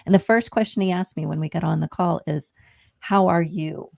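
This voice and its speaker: Dark-toned woman moderating calmly. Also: fairly low pitch, fast talker, gravelly, no room sound, clean studio sound. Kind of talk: casual webinar talk.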